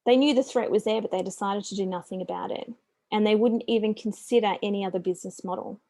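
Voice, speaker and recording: Brief: Australian woman, middle-aged business coach, warm mellow voice, chatty and upbeat, dry close sound. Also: medium pitch, quick pace, dry recording. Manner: chatty and upbeat, with friendly asides. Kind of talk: business presentation.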